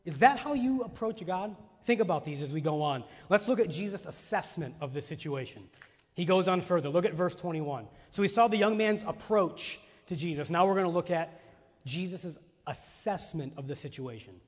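A man preaching a sermon to his church, animated, acting out voices and firing off rhetorical questions. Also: sits high, normal speed, breathy edge. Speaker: pastor. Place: church sanctuary. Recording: muffled sound in a reverberant hall.

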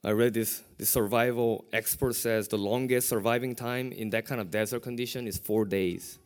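A middle-aged man, a pastor, preaching a sermon with lively rhetorical questions. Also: mid-range voice, normal speed.

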